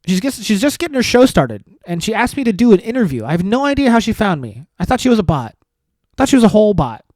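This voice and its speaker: A male comedy podcast host rambles alone through dark, self-mocking jokes, his pitch swinging up and down with lively expression. He drops sarcastic asides in a loose monologue. The sound is dry and close, with no room echo. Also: quick pace.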